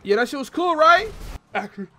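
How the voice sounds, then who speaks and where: A man's voice: very high-pitched, animated, fairly quick, sharp tone, slight background noise. A man roleplaying in a video game, trading brash, joking trash talk. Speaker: roleplay gamer. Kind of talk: casual game roleplay banter.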